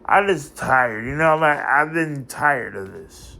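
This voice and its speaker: Creaky yet bright and forceful, this medium-pitched man speaks at normal speed with few pauses. In an unscripted vlog he emotionally confronts someone who isn't present, rambling and repeating the same phrases.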